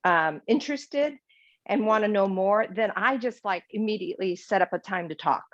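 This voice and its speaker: A woman's voice: mid-range voice, lively intonation, moderate pace, no room sound, highs cut off. A woman on a team video call, explaining her methods step by step in a friendly, casual way. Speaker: team member sharing tips on a call. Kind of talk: casual group call talk.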